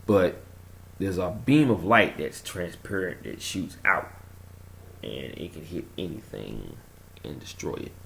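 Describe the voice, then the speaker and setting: A man with a low voice and a gravelly edge talks in a loose, rambling monologue. His pitch swings widely as he tells his stories, and he chuckles and trails off while hunting for words. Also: a little slow, slight background noise. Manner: animated storytelling, chuckles, trails off searching for words. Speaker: conspiracy vlogger.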